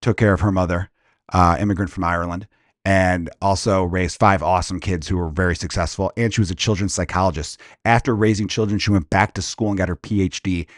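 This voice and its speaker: A lower-voiced man in his thirties rants through a comic story, stopping to correct himself and wander off on tangents. He is close on a podcast mic in a very dry room with no reverb. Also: fairly even intonation, brisk. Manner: rambling, self-interrupting storyteller. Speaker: stand-up comedian, podcast host. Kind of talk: casual comedic rant.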